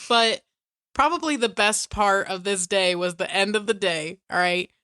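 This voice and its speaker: A woman's voice: medium pitch, moderate pace, bright, forceful tone, no room sound, clean studio sound. A woman in her twenties, a podcast co-host, telling a story in casual chat and laughing often. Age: 20s.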